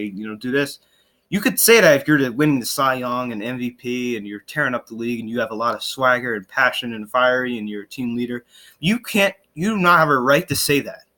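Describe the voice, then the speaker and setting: A young man hosting a casual sports podcast, talking in an animated, frustrated way with sarcastic asides and lots of fillers and restarts. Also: mid-range voice. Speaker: podcast host.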